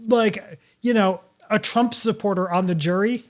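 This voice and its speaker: High-voiced hesitant male co-host. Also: measured pace. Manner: hesitant, filler-heavy, lots of "like". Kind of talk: casual chat.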